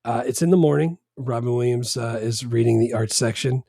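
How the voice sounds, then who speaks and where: A man with a slightly husky voice co-hosts a casual movie podcast. He rambles in a laid-back way, full of fillers and restarts. The sound is dry and close, with no room around it. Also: medium pitch, fairly quick, mellow, dry recording. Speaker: podcast co-host.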